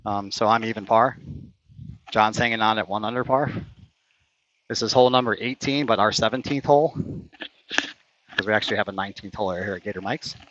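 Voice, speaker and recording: A man's voice: fairly low pitch, fairly quick, long pauses, a bit bright, highs cut off. A man playing a round of mini golf outdoors, commentating it live and getting frustrated and competitive over bad shots. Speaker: player commentating his own round. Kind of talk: casual play-by-play while playing.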